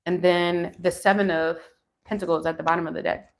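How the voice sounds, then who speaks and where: Woman in her forties, tarot reader, live reading, lowish voice, thinks aloud. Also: little pitch movement, a little fast. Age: 40s. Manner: musing, thinking aloud between card pulls.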